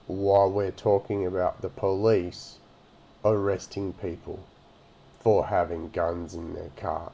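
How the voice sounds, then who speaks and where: A man's voice: low-pitched, little pitch movement, a little slow, creaky, dark tone, dull audio. A man giving a profane, mocking rant as he comments on a video. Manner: ranting and mocking, heavy swearing. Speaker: reaction commentator.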